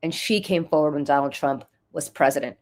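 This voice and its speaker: With a deep, darkish voice and a brisk pace, this woman offers urgent, emotional commentary on a talk show. A political commentator and nonprofit leader, she repeats her key points emphatically for force.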